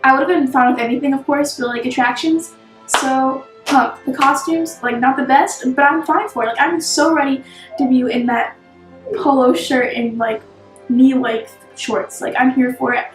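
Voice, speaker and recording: A woman's voice: high-pitched, fairly even intonation, moderate pace, reverberant, faint music behind, poor audio. A young woman vlogging in a bubbly, rambling way, full of fillers. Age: young adult. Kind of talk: casual chat to camera.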